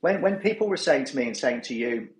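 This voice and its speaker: A man hosting a casual podcast chat, talking in an animated way and acting out what others said. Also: mid-range voice, fairly quick, echoey room. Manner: animated, mimics others in quotes. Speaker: newsletter host.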